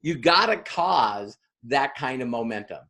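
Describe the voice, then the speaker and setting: A man giving a motivational business training talk, animated and acting out other people's lines as he tells stories. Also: medium pitch, unhurried.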